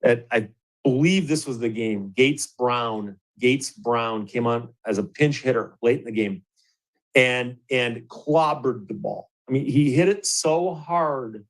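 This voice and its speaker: A middle-aged man from Michigan, hosting a show and telling a story in a casual, animated way, chuckling now and then and restarting his sentences. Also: medium pitch, slow, low-quality recording. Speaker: host.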